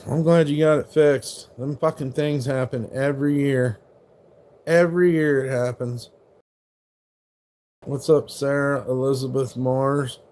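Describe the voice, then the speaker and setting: A man's voice: medium pitch, fairly even intonation, unhurried, darkish tone, slight background noise. A man casually chatting on his live stream at home, swearing freely and teasing his dog about its food. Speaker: livestream host.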